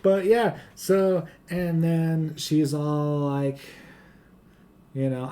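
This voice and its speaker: A man's voice: a little high, drawn-out words, warm tone. A young man co-hosting a movie review podcast, chatting loosely and jokingly while retelling the plot. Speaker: podcast co-host. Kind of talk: casual movie review chat.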